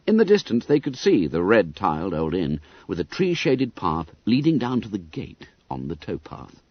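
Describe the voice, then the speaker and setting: A male narrator reads an audiobook with lively, expressive storytelling. His pitch ranges very widely, and his voice is a little husky. The recording is dry and dull. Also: normal speed, dry recording. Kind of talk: scripted narration.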